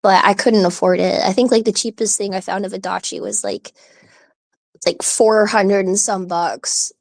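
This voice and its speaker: A woman's voice: medium pitch, normal speed, dry recording. A woman hosting a live audio stream, chatting casually in a rambling, giggly way full of "like" and restarts, with hiccups. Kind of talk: casual chat.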